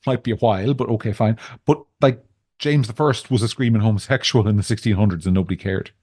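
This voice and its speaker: A man's voice: fairly low pitch, brisk, a little mellow, breathy edge, dry recording. A man with an Irish accent co-hosting a podcast, talking in a discursive, wry way with frequent restarts. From Ireland. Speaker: podcast co-host. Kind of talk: casual political chat.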